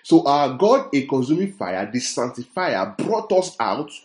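A man preaching a sermon, reading scripture slowly and checking in with his listeners through rhetorical questions. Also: medium pitch, big pitch swings, roomy sound. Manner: reads scripture aloud slowly.

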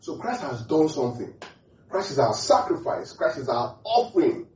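A man preaches in a church hall with a dark, mellow voice that's a little high, very animated, and moderately paced. He asks the congregation questions in call-and-response style and hammers points home by repeating phrases. He's captured from a distance in a roomy, echoey hall on a muffled recording.

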